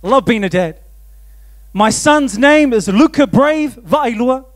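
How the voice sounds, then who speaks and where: A pastor tells stories from the pulpit. He has a strikingly high voice for a man. He pokes fun at himself and laughs easily as he talks. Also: a little slow. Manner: animated, self-mocking, laughs often. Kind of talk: storytelling sermon.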